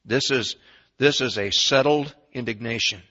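A man preaching a sermon in a folksy storytelling way, swinging between quiet asides and loud bursts. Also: medium pitch, moderate pace, slightly rough, muffled recording.

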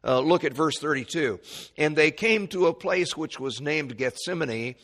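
A man preaching a Bible lesson, chatting at first, then climbing to loud, emphatic peaks when he quotes scripture, with stammered restarts. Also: a little high, expressive, moderate pace. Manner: conversational teaching with stammered restarts. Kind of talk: Bible teaching sermon.

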